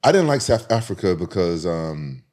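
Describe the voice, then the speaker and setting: A man's voice: sits low, big pitch swings, moderate pace, a little mellow. A man from the South, telling a rambling, profane story with frequent restarts on a casual podcast. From Southern United States.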